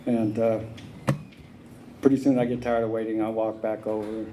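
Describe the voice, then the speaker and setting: A man's voice: fairly low pitch, little pitch movement, normal speed, mellow, slight background noise, low-quality recording. A man speaking at a recovery meeting, telling his own story in a plainspoken, drawling way, with many "uh"s and "you know"s.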